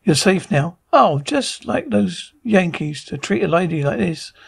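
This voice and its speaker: A man's voice: high voice, expressive, unhurried, creaky, husky, no echo, clean studio sound, exaggerated voice. A man playing a courteous Confederate soldier. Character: polite male Confederate soldier, courteous to a lady.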